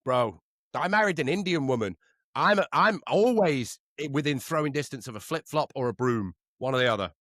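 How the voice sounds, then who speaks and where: Lively man, swearing banter. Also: medium pitch, moderate pace, dry recording, studio quality. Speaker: podcast co-host. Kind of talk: casual chat.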